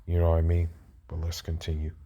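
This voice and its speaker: A man's voice: sits low, completely flat delivery, quick pace, creaky, warm tone. A man reacting to a played video in casual, rambling commentary, often restarting and asking "you know what I mean".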